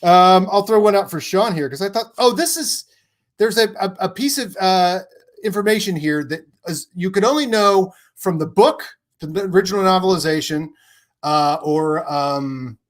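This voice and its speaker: A man on a livestream as a guest, chatting casually in a rambling, animated way, full of fillers and laughs. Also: sits high, moderate pace. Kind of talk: casual chat. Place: home, on a livestream.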